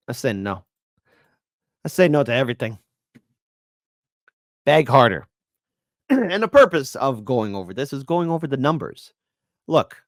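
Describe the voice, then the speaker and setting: A man hosting a political commentary show, sarcastic and taunting, his volume swinging from loud to quiet. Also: mid-range voice, no room sound.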